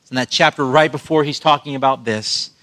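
A man's voice: medium pitch, fairly quick, fairly bright tone. A male pastor preaching a sermon in an earnest way, asking the congregation rhetorical questions.

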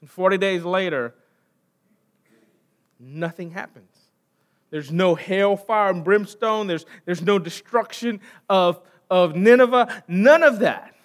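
High-voiced American pastor preaching. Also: male voice, slow pace. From United States. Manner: dramatic shifts between loud emphasis and quiet trailing endings; conversational, asks the congregation questions. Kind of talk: sermon.

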